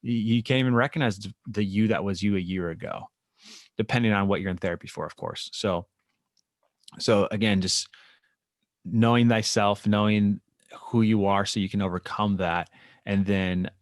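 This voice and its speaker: Low-voiced man, animated therapist guest. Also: moderate pace, no room sound, studio quality. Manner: animated, explanatory, acts out clients and therapists. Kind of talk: casual interview chat.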